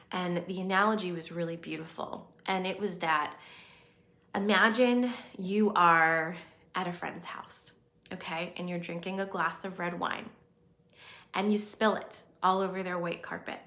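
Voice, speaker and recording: A woman's voice: on the low side, a bit bright, reverberant. A woman giving a spiritual self-help talk, earnest and reassuring, speaking in a conversational way.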